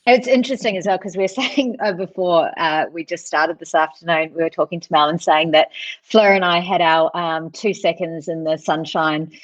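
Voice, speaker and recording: A woman co-hosting a casual live online chat over a video call, animated, laughing often and reading out viewer comments. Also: lowish voice, normal speed, no echo. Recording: dull lo-fi video call audio, dry.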